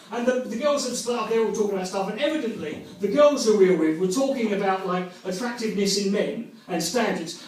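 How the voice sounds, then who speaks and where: High-voiced English comedian in an echoey room. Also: male voice, a little hiss or hum. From England. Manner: sweary, conversational, self-mocking. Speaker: stand-up comedian. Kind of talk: live stand-up comedy. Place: comedy club stage. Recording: echoey room, distant mic, faint ambience.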